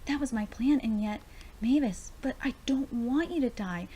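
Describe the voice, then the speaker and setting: Figure: a lonely cursed immortal young man, read aloud by a woman. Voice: mellow, fairly high. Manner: brooding, confessional. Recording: faint hiss. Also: normal speed, close to an everyday voice.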